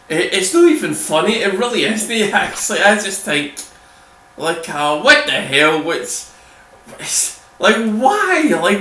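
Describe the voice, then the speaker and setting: A man's voice: high-pitched, bright, forceful tone. A Scottish man giving rambling, sweary, casual commentary over his gameplay. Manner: rambling, sweary, chatty asides. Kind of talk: casual let's-play commentary. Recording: echoey room, distant mic, faint noise.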